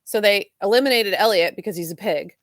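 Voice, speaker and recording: A woman co-hosting a podcast, retelling a soap opera plot in a quick, animated casual chat full of "like"s. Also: mid-range voice, no room sound, studio quality. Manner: fast, animated retelling with many "like"s. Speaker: podcast co-host.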